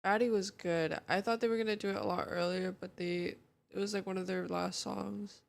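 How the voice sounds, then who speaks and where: A woman's voice: mid-range voice, fairly even intonation, fairly quick, vocal fry. A young woman streaming from home, chatting casually with her viewers in a sleepy morning voice and greeting them one by one. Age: young adult. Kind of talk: casual chat.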